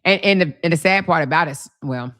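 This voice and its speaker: Sassy bright-voiced woman chatting on a livestream. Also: deep voice, fast. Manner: sassy, chatty, laughs often, says baby and y'all. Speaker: livestream host. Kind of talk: casual live chat, reading comments.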